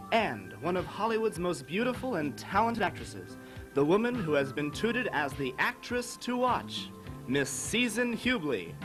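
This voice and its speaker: A male announcer giving a formal show introduction in a booming, showy delivery. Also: rough recording. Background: music.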